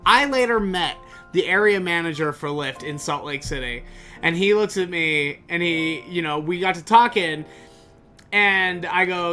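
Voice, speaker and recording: Bright-voiced man telling a profane story. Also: sits high, a little slow, faint music behind. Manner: animated, profane, exasperated storyteller. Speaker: podcast host. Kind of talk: casual storytelling monologue.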